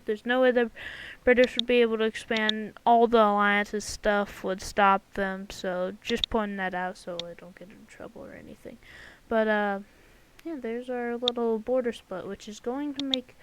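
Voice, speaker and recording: A woman's voice: on the high side, a bit bright, slight background noise, rough recording. A woman giving casual, rambling commentary over an alternate-history map, joking and full of fillers and sound effects. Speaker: channel host.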